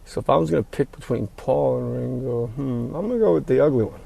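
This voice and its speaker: A man's voice: mid-range voice, quick pace, creaky, warm tone, slightly rough, no room sound. A middle-aged man hosting his podcast alone, rambling and ad-libbing in a profane, casual monologue. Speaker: podcast host.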